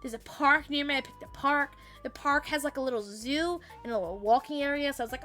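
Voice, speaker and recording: A young woman streamer telling a story in casual chat, animated, swearing freely and laughing as she goes. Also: high voice, quick pace, soft background music.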